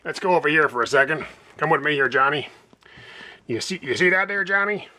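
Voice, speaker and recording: A man's voice: on the high side, expressive, brisk, bright, forceful tone. A man voicing a snarky, floppy-armed male puppet host in a homemade comedy vlog, rambling and needling his producer with sarcastic jabs. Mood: chatty.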